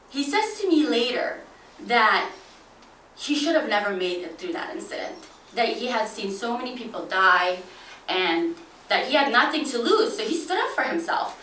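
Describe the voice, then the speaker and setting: A woman telling a dramatic first-person story, expressive, acting out each voice. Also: on the high side, normal speed, slight background noise. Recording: echoey room, from a distance.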